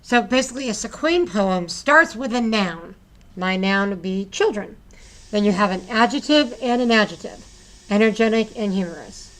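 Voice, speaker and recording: A woman's voice: mid-range voice, animated, normal speed, a bit bright. A woman teacher explaining a poetry assignment to her students, chatty, with asides and frequent restarts.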